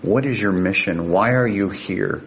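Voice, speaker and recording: An older man from California, a guest telling a personal story in an earnest, emotional way and slowing down for quoted speech. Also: gravelly. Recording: dull lo-fi sound with faint rumble.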